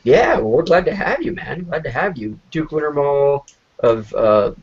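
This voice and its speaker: Gravelly-voiced podcast co-host man. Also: on the high side, lively intonation, normal speed, slight background noise. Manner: upbeat, laughs easily, asks rambling questions. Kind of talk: casual podcast chat. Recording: dull lo-fi remote call audio.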